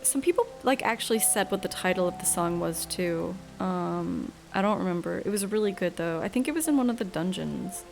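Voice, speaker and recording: A woman's voice: fairly low pitch, lively intonation, a little fast, gravelly, hardly any pauses, a little mellow, faint music behind. A woman streamer chatting casually over gameplay, rambling and self-mocking while reading dialogue aloud.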